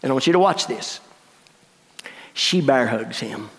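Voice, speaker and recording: A man pastor preaching a storytelling sermon with dramatic swings between hushed asides and exclaiming. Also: mid-range voice, expressive, measured pace. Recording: long reverb of a large hall.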